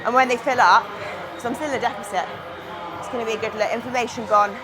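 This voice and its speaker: A woman's voice: on the high side, fairly even intonation, fast, background noise. A young woman chatting candidly and swearing casually as she walks through gym exercises in a vlog. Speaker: bodybuilding competitor. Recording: music playing behind.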